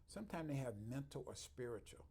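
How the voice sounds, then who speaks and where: A chiropractor appearing as a guest tells heartfelt stories in a conversational interview, often quoting people he has met and laughing at his own tales. His medium-pitched voice is animated, a little fast, and creaky, slightly mellow with a breathy edge.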